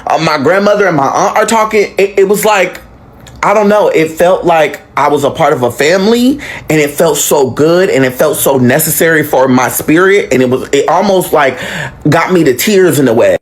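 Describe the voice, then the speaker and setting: A young man telling his own story in casual, animated fashion, swearing freely and swinging dramatically in pitch. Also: normal speed.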